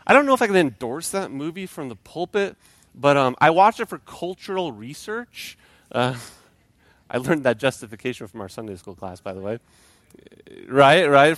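A man's voice: on the high side, a bit bright, no room sound. A man preaching a sermon as pastor, talking conversationally with rhetorical questions and light humor, and reading scripture aloud.

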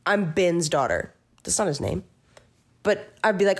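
A woman's voice: medium pitch, normal speed. A young woman co-hosting a podcast, chatting casually and rambling through stories while acting out what people said. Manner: rambling storyteller, acts out quoted dialogue. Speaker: podcast co-host. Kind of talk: casual chat.

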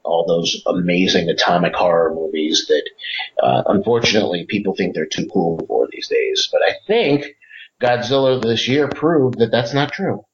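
A man with a low voice talks as a podcast guest, eager and rambling, piling up uhs and restarts. The audio is muffled and lo-fi. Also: sing-song, moderate pace. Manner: rambling, enthusiastic storyteller with many fillers. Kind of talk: casual interview chat. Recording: dull lo-fi audio.

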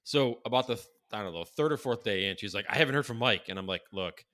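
A man's voice: fairly low pitch, expressive, fast talker, pushed and bright. A man telling a story in casual chat, rambling and profane, with many fillers and restarts.

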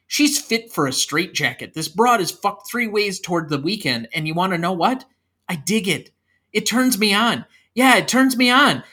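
Give me a brash, excitable wedding crasher who rambles, as a man puts him on, bright and punchy. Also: sits high, heavily acted. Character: brash fast-talking male wedding crasher, unhinged.

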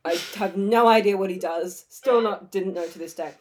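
A young woman co-hosting a podcast tells a story in an easy, chatty way. She slips into quick acted-out quotes of what people said. Her voice sits at an ordinary middle pitch. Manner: animated, acts out dialogue in quick quotes. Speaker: podcast co-host. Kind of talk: casual storytelling chat.

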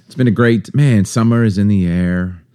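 A man's voice: lowish voice, moderate pace, mellow, clear, resonant tone. A man co-hosting a podcast in casual chat, joking and teasing his co-host. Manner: joking, teasing, laughs often.

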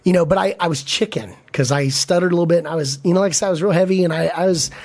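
A middle-aged man, a podcast guest, telling stories in a casual, animated way and acting out the other voices. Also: on the high side, very fast. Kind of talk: casual storytelling.

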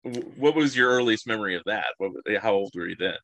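A man with a bright, forceful voice, recorded dry and close with no room sound. He asks his questions in a rambling, hesitant way as the host of a casual interview. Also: lowish voice, lively intonation, fast, no echo.

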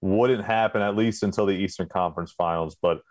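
A man's voice: low voice, fairly quick, darkish tone, no room sound. A man hosting a casual sports podcast who talks in long run-on sentences with restarts. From Philadelphia. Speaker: podcast host.

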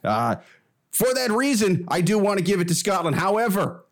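A man voices a self-satisfied Swedish judge with a Swedish accent. His voice sits a little high, and he rambles through absurd asides, pleased with himself, as in a comedy podcast. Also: big pitch swings, moderate pace. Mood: rambling. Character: pompous Swedish man judging a contest. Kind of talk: improvised comedy podcast character.

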